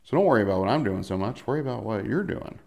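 A man's voice: lowish voice, expressive, very fast, vocal fry, darkish tone. A male pastor preaching a sermon in a conversational way, reading scripture and asking rhetorical questions with shifting emphasis.

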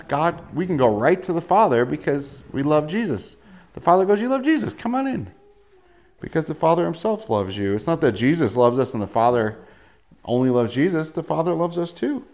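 A man preaching a sermon with lots of energy and humor. His voice swings widely in pitch as he acts out quick asides and reads verses aloud. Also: darkish tone. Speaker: pastor.

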